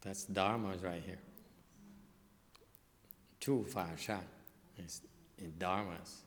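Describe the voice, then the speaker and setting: Lower-pitched male teacher, halting lecture with frequent fillers, echoing lecture hall. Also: fairly even intonation. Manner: halting, with many fillers and restarts. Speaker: Buddhist dharma teacher. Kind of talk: bilingual dharma lecture. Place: hot lecture hall without air conditioning. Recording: long hall reverb.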